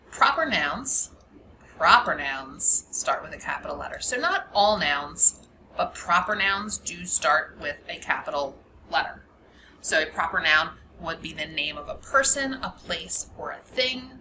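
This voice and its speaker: A woman's voice: on the low side, animated, unhurried, pushed and bright, a little hiss or hum, rough recording. A woman teacher giving a grammar lesson, explaining patiently step by step and repeating the key points.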